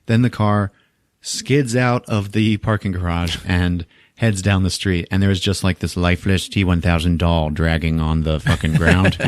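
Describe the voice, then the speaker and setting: A man hosting a podcast, recapping a movie in a casual, profane, animated way and laughing often. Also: sits low, measured pace, no room sound, studio quality. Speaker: podcast host.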